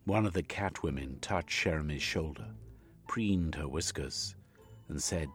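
Deep, slow man reading a story. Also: faint music behind. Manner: measured, expressive storytelling. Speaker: narrator. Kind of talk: audiobook reading.

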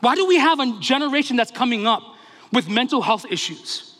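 Man, pastor, impassioned sermon, high bright voice, long hall reverb. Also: big pitch swings. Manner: impassioned, asks rapid rhetorical questions.

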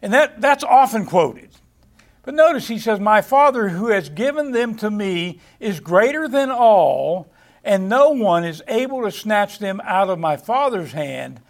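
Male preacher, high voice, halting delivery with repeated words, scripture-reading cadence. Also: animated. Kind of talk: Bible study sermon.

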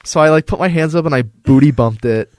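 A young man hosting a casual podcast chat, telling stories with lively acted-out quotes. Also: a little high, fairly quick, dry recording, studio quality. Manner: animated storyteller, acts out quotes in raised voice. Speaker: podcast host.

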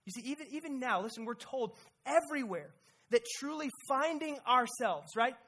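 A preacher giving a sermon with emphasis, asking the listeners rhetorical questions and shifting between quiet and loud delivery. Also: high-pitched, lively intonation, normal speed.

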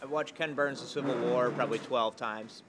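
A man's voice: mid-range voice, fairly quick, very noisy. A man chatting casually as a guest, telling rambling stories with jokes and asides. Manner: rambling, joking storyteller. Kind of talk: casual conversation.

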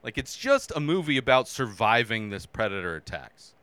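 A man hosting a casual movie review show, talking animatedly and acting out his own reactions with sudden shouts. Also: mid-range voice, sing-song, moderate pace, smooth, no echo.

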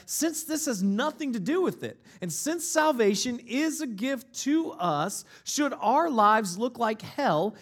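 A man preaching a sermon, stressing points with rhetorical questions and repeated lines. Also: high-pitched. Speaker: pastor.

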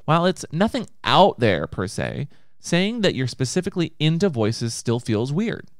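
Man, mid pitch, lively teasing reader, dry close sound. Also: no echo. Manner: animated, teasing, quick asides. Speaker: podcast co-host. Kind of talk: reading listener submissions, casual chat.

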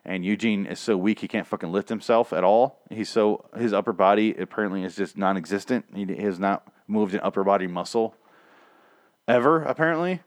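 A young man hosts a casual solo show, griping his way through a profane, rambling recap of a TV episode with many restarts. His voice is on the low side and fairly quick. The studio-quality recording has no room sound.

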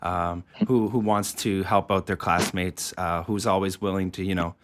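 A man's voice: low voice, steady tone, moderate pace. A man who teaches school, hosting a podcast interview in a casual, encouraging way and asking questions.

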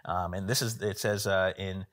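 A man preaching a sermon in a relaxed, conversational way, with frequent fillers and restarts. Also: low voice, normal speed.

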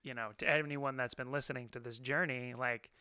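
A man chats about his life, rambling and excitable, with plenty of "like" and some swearing. His voice is bright and clean, a touch higher than most men's, and it sounds dry and close to the mic. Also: a little fast, smooth, no echo. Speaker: new father, co-host. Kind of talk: casual chat.

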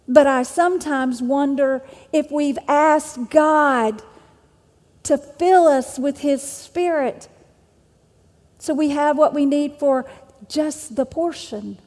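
A woman's voice: high-pitched, darkish tone, long reverb tail. A woman preacher delivering a sermon with an emphatic, repetitive cadence.

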